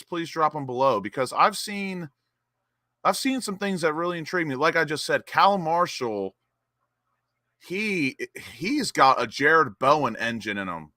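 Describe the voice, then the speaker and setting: A young man hosting a live football watch-along, greeting chat viewers by name and getting excited over the play. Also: fairly high pitch, a little slow, dry recording, clean studio sound. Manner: excitable, reads chat names and cheers goals.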